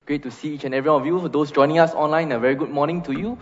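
A man's voice: a little high, rapid-fire. A man preaching a sermon as pastor, emphatic, reading scripture and leading prayer in a church. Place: church sanctuary. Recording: muffled sound in a reverberant church hall.

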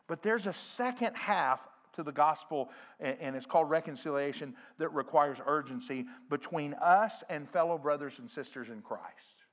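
A man's voice: on the high side, moderate pace, hardly any pauses. Earnest middle-aged male pastor preaching. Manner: earnest preaching, swells louder on scripture quotes. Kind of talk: sermon. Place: church sanctuary.

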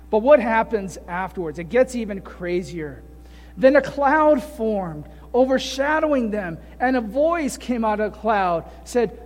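A pastor with a very high male voice and a somewhat dark tone delivers a sermon, animatedly telling a story and firing rhetorical questions at his listeners. His words carry a long echo, as though spoken in a large hall.

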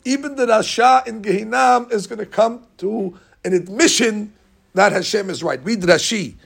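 Gravelly high-voiced rabbi preaching. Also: male voice, normal speed. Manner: animated storytelling, acting out congregants' complaints; mixes Hebrew terms into English. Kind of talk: sermon.

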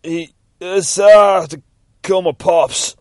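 A man voicing a soft-hearted young male shark-man thug who pleads and stammers in a high, loud voice. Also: takes it slowly, no echo, clean studio sound. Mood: stammering.

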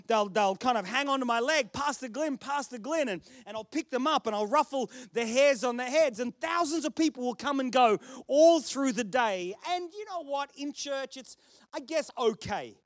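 Male pastor, Australian accent, very high voice, story-driven sermon with self-mocking jokes. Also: dry recording, clean studio sound. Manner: chatty storytelling with self-deprecating humour.

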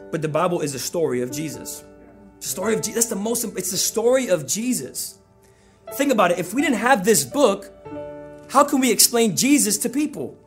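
A man preaching a sermon as pastor, in an energetic, conversational style that repeats key phrases for emphasis. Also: sits high.

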